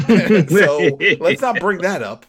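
A man co-hosting a casual recap chat, animatedly acting out scenes in quick mimicked voices. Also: sits high, expressive, over a noisy crowd. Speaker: podcast co-host.

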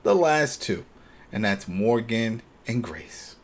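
Animated man recapping a show. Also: lowish voice, slow. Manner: animated retelling, acts out characters' lines. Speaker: podcast co-host. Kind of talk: casual recap chat.

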